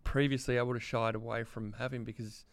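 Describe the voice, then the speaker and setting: Reflective Australian man, smooth, close and dry. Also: medium pitch, level tone, no echo. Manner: reflective, halting, many restarts. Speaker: podcast guest. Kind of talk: candid conversational interview.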